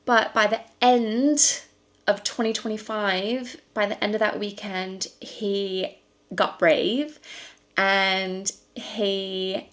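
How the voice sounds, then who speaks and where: A woman's voice: medium pitch, takes it slowly. Chatty mother rambling through a festival story. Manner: chatty and rambling, with frequent ums and likes; lively storytelling with laughs. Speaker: vlogger and costume maker. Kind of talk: casual chat to camera.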